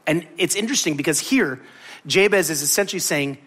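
Animated man preaching a sermon. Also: fairly high pitch, fairly quick, husky. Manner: animated, jokey storytelling with acted-out quotes. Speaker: pastor.

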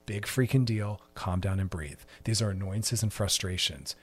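A man's voice: fairly low pitch, normal speed, breathy edge. A man hosting a solo podcast, delivering an emphatic, preachy monologue with repeated refrains. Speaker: podcast host.

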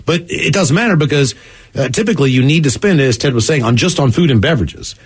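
A male radio co-host talking fast in loose studio banter. His pitch swings widely as he gets worked up, and his voice has a husky edge. He stumbles and restarts his sentences often. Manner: animated, stammering restarts.

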